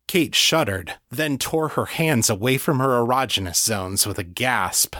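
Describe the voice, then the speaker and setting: A male audiobook narrator reads a story aloud in a steady, measured, scripted delivery. His voice is mid-range, and the studio-quality recording has no room sound.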